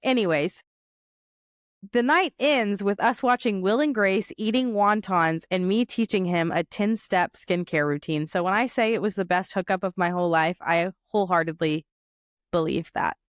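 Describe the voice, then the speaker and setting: A woman's voice: medium pitch, moderate pace, no room sound, clean studio sound. A young woman hosting a podcast, telling a crude comic story in casual chat, a little tipsy from wine. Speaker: podcast host.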